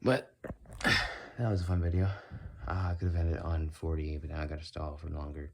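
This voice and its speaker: A man's voice: very deep voice, little pitch movement, normal speed. An American man chatting casually in a walk-and-talk vlog, rambling and questioning himself as he goes. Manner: rambling, self-questioning, slips in and out of mock accents. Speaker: vlogger.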